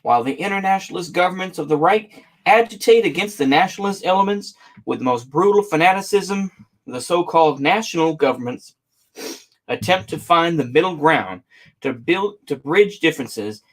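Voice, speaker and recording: A man reading a memoir aloud in a relaxed, halting way, pausing to fix his misreadings and add casual asides. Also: a little high. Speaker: audiobook reader.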